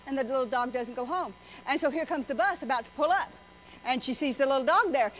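A woman preacher with a high-pitched, fast voice gives a folksy, joking sermon packed with stories. The recording is slightly muffled, with faint noise.

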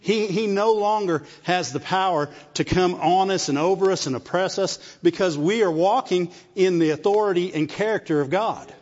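A man's voice: high-pitched, normal speed, hardly any pauses, darkish tone. A man preaching a sermon, often asking the congregation "amen?" and repeating phrases for emphasis. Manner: call-and-response asides, repeats phrases. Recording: dull sound with long reverb in a hall.

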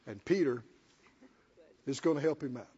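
With a medium-pitched, dark and slightly rough voice, a pastor delivers an emphatic church sermon, leaning on repetition and asking the congregation questions. The audio is dull and lo-fi, with a long hall reverb.

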